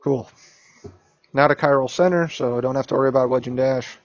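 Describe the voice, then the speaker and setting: A male instructor walks students through exam answers, stressing key ideas over and over and tagging lines with "okay?" and "right?". His voice sits at an ordinary pitch, recorded dry and close with no room sound. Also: brisk, no echo. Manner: emphatic, repeats key points with frequent "okay?" and "right?". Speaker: chemistry instructor. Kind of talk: lecture reviewing an exam.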